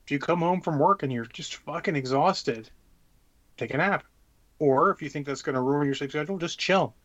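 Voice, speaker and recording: A man's voice: fairly high pitch, moderate pace, a bit bright, muffled recording. A man co-hosting a podcast, chatting casually, cursing freely and handing out easygoing advice. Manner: laid-back, swears freely, gives advice. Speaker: podcast co-host. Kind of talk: casual chat.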